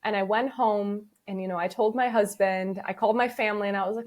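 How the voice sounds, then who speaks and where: A woman's voice: mid-range voice, fast. Storytelling woman guest acting out dialogue. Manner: lively storyteller who acts out quoted dialogue. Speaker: guest, agency founder. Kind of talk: casual storytelling interview.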